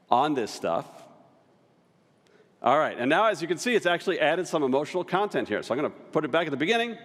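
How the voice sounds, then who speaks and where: Middle-aged man, conference presenter, upbeat and chatty, animated pitch, stage mic, long hall reverb. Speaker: tech executive presenting a conference session. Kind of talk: live conference demo presentation.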